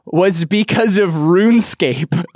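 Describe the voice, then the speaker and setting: A young man hosting a casual podcast chat, telling animated stories and laughing often. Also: high-pitched, takes it slowly, no echo, clean studio sound. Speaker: podcast host.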